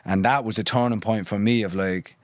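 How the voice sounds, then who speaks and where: A man's voice: on the low side, fairly even intonation, a little fast, no echo, clean studio sound. A young man who grew up between London and Ireland, chatting loosely as a podcast guest, swearing freely and filling his talk with "like" and "you know". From London and New Ross, Ireland. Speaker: musician guest. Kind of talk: casual podcast chat.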